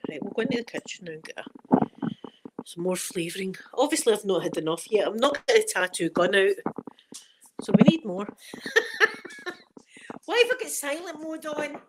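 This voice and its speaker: A woman's voice: medium pitch, very animated, normal speed, pauses often, heavy background noise. A Scottish woman chatting casually while showing viewers around her home, rambling and laughing often, on a phone she carries around. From Scotland. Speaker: ASMR channel host.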